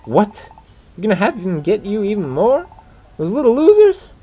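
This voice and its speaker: A man's voice: high-pitched, big pitch swings, moderate pace, mellow, a little hiss or hum, pitched above the performer's own voice. A man voicing a young male hero Pokémon who is outraged and emotional, exclaiming shrilly.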